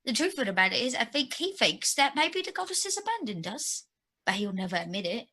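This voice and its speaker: A woman's voice: fairly high pitch, big pitch swings, brisk, sharp tone, breathy edge. Stammering, eager woman role-playing. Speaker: player. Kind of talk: in-character tabletop role-play.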